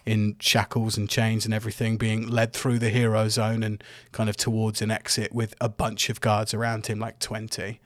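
A man, narrating a tabletop game as game master in a relaxed, laid-back way. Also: on the low side, normal speed, hardly any pauses, dry recording, studio quality.

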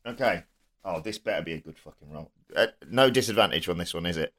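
Bright, jokey man. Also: low voice, expressive, fast. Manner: playful, jokey. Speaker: player. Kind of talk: tabletop role-play chat.

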